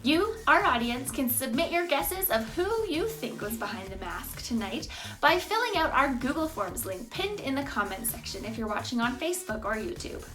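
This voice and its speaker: A woman's voice: sits high, big pitch swings, moderate pace, over music. A woman hosting a community talent show, reading out thanks and a sponsor list in an upbeat scripted way. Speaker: show host. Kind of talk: scripted announcement.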